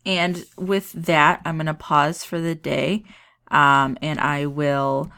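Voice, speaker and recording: A woman's voice: sits low, vocal fry, fairly bright tone. A woman teacher walks her class through a poem in a chatty, informal way, with many fillers and restarts. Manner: chatty, filler-heavy explaining with frequent restarts. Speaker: English teacher. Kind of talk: recorded class lesson on a poem.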